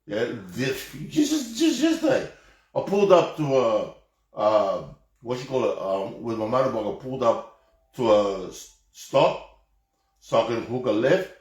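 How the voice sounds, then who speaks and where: In an echoey room, an Australian man with a mid-range voice and lively intonation rants heatedly on a live stream, speaking a little slowly. His off-the-cuff rambling is heavy with swearing, and he keeps restarting his sentences.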